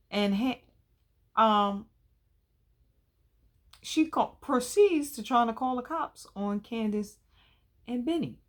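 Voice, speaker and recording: A woman's voice: mid-range voice, fairly bright tone. A woman in her thirties, hosting a casual recap of a TV episode, talking in a chatty, colloquial and opinionated way. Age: 30s.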